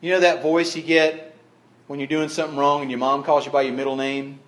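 A man preaching a sermon as pastor, folksy and repeating phrases for emphasis, swinging between hushed tones and loud declarations. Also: on the high side, flat delivery, brisk.

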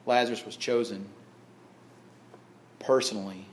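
A man preaching a sermon as pastor, folksy and repeating phrases for emphasis, swinging between hushed tones and loud declarations. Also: on the low side, fairly even intonation, a little slow, slight background noise.

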